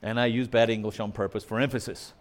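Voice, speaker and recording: A male preacher delivering an emphatic, argumentative sermon, mimicking objections and swinging between loud punchy lines and quiet asides. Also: fairly low pitch, fairly even intonation, fast.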